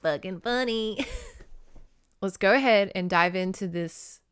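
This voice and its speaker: A woman's voice: medium pitch, slow pace, smooth. A woman hosting a casual book-review podcast, chatty and laughing often. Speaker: podcast host reviewing a novel. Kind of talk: casual chat.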